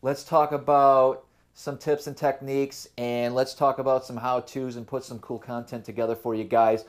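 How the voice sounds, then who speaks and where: This is a casual vlog in which a young man, host of his own fishing channel, relaxedly tells a rambling tournament story peppered with fillers. His voice sits mid-range and moves at a moderate pace.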